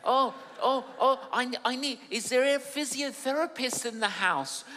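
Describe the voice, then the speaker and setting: A man's voice: very high-pitched, measured pace, bright, forceful tone, slight background noise, voice pushed up, exaggerated voice. A man voicing a stiff, achy man just raised from the dead, moaning and complaining in comic groans, in an echoey hall. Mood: groaning complaint.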